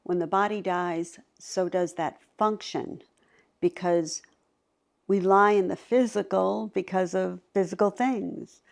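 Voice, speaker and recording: A middle-aged woman talks through stories from her own life as an interview guest. She slips into the voices of the people she describes, and her pitch sits in a middle range. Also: steady tone, slow pace, creaky. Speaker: psychic medium guest. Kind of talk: storytelling in a conversation.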